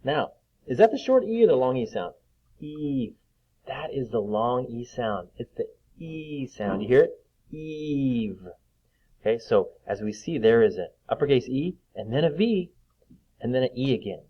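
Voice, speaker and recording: A man teaching young children to read, slowly sounding out letters and words with patience. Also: mid-range voice, big pitch swings, slightly rough, lo-fi sound. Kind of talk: reading lesson for young children.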